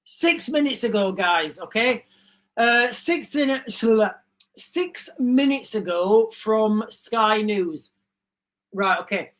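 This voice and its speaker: A woman's voice: fairly high pitch, animated, slow pace. A woman hosting a live stream, reading breaking news aloud and stopping to give her own opinions to viewers. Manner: reads breaking news aloud with chatty asides; talks straight to viewers, often says "guys". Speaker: livestream host. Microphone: streaming setup mic.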